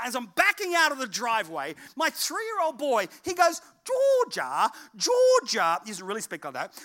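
A middle-aged man preaching a sermon and telling a family story, acting out the voices of people in it. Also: very high-pitched. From England. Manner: animated, acts out voices of people in his stories. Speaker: pastor.

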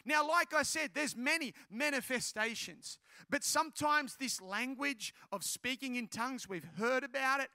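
A man preaching a sermon as a pastor. He tells a lively story, then preaches directly and repeats key phrases for emphasis. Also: very high voice, moderate pace, dry recording.

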